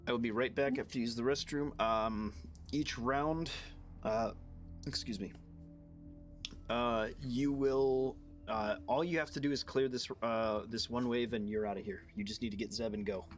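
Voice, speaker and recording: A young man running a live tabletop game as game master, talking loosely with lots of pauses and fillers. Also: medium pitch, fairly even intonation, soft background music. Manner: loose and hesitant, many fillers.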